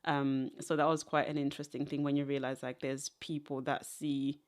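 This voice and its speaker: Her deep, clear, resonant voice has a darkish tone and a flat delivery at a moderate pace. She is a young Zimbabwean woman guesting on a podcast, chatting casually in an interview, drifting through stories on tangents with frequent laughter.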